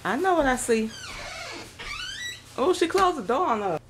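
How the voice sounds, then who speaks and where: A woman's voice: sits high, very animated, unhurried. A woman hosting a casual family vlog at home, a mother who teases and laughs often. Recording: noisy home recording.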